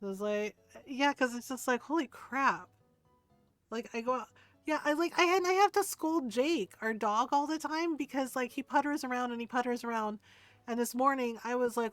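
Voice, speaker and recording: A woman's voice: a little high, moderate pace, no room sound. Giggly, rambling middle-aged woman streamer. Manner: rambling and giggly, laughs often. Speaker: game streamer. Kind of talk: casual livestream chat.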